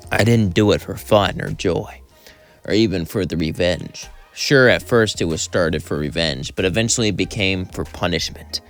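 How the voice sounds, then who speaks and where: A man voicing a brooding middle-aged vigilante in a spoken fan story, terse and flat. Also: low-pitched, moderate pace, soft background music. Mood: grim.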